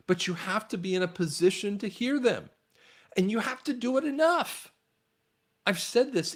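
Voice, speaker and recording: A man talking straight to his viewers in an earnest monologue on faith, often repeating a word as he restarts. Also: sits high. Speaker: online commentator.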